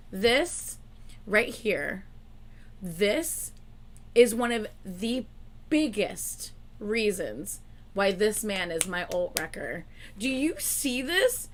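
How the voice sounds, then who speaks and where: A woman's voice: mid-range voice, very animated, very slow. A woman reacting on a live stream in casual chat, gushing and giggly, swearing freely.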